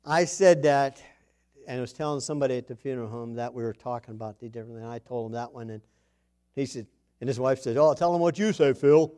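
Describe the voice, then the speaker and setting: A man preaching a light, joking sermon, telling stories with frequent chuckles and loud, punchy emphasis. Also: medium pitch, fairly even intonation, quick pace. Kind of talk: humorous sermon.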